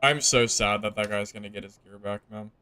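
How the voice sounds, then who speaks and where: A young man streaming a video game, chatting casually to viewers, jumping from excited outbursts to low, deflated grumbling. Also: a little fast, clear, resonant tone. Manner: swings from excited yelling to mumbled, deflated grumbling. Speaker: gaming streamer. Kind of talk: casual gameplay commentary.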